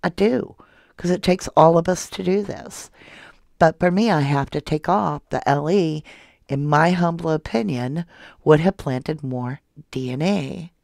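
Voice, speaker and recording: A soft-spoken woman hosting a true crime livestream, reading viewer comments aloud and calling her viewers love and honey. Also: low voice, unhurried, vocal fry, no echo, studio quality. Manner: affectionate toward viewers, calls them love and honey. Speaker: true crime channel host.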